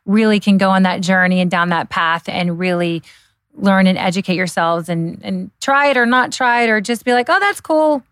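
A middle-aged woman co-hosting a podcast in casual chat, gushing and excitable, often trailing off mid-sentence. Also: medium pitch, moderate pace, smooth, no echo, studio quality. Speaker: podcast co-host.

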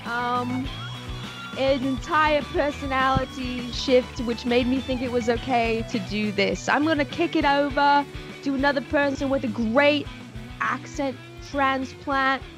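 A woman's voice: sits high, steady tone, measured pace. A woman co-hosting a casual chat, joking in a put-on British accent. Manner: playful, joking. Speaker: co-host. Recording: music playing behind the voice.

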